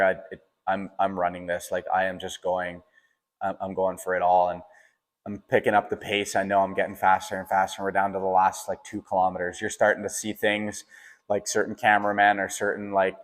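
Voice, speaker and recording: A young man hosting a podcast, telling a personal story in a casual way, often saying "like" and restarting his sentences. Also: low voice. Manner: casual, fills with "like", frequent restarts. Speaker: podcast host. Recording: long reverberant echo.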